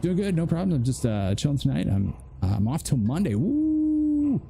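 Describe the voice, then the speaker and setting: A man's voice: mid-range voice, sing-song, a little fast, vocal fry, music in the background. A man streaming a video game, chatting and joking in rambling asides as he plays. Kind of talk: casual gameplay commentary.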